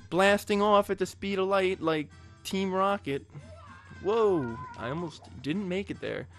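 A man's voice: high-pitched, unhurried, a bit bright, soft background music. A man giving casual, jokey gameplay commentary as a let's play host, rambling with crude asides.

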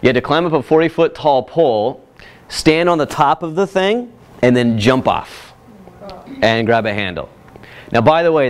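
A man presenting at a workshop, telling a personal story in a casual, animated way with frequent asides to the audience. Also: mid-range voice, clear, resonant tone. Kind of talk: casual workshop talk with slides.

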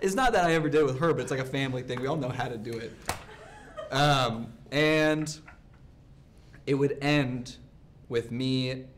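A young man joking his way through a dating game, with a deadpan, drawn-out delivery. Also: medium pitch, slight background noise. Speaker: dating show contestant. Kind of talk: playful comedic banter.

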